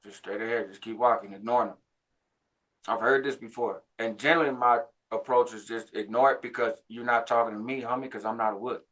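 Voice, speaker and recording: A man in his forties casually telling a story about his past, jumping higher in pitch when he acts out what others said. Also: fairly quick. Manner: animated, jumps higher when quoting others; laughs between phrases, frequent "right?". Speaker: channel host recounting prison life.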